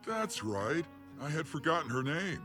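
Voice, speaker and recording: An actor voicing a gruff, aging male ninja sage in an anime dub, speaking in a deep, gravelly, teasing and reflective way. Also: very animated, normal speed, music in the background. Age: older. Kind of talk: anime English dub acting.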